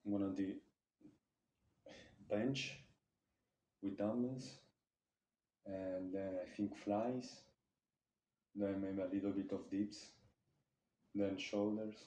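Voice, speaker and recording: Man, vlogger, slow halting non-native English, dark mellow voice, echoey gym, faint background ambience. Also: low voice, fairly even intonation, a little hiss or hum. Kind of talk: casual talk to camera during a workout. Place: gym, indoors.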